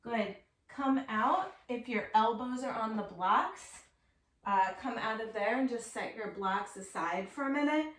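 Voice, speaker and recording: A woman teaching a yoga class, calmly and slowly cueing poses and breaths. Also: on the high side, distant mic. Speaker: yoga instructor. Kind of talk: guided yoga class instruction. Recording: echoey room, voice set back from the mic.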